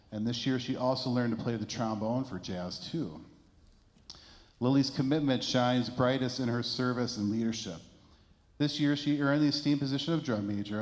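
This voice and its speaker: A man, a band director, reads an award tribute in a school auditorium. His voice sits mid-range and catches with emotion as he goes. A long hall reverb trails behind each phrase. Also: mid-range voice. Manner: emotional, halting, reading prepared remarks. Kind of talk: award presentation speech. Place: school performing arts center.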